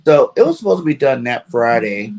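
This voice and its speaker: A man's voice: mid-range voice, sing-song, fairly quick, a little mellow. Rambling man telling a story. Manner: rambling, fills with "you know". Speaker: caller. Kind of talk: casual storytelling.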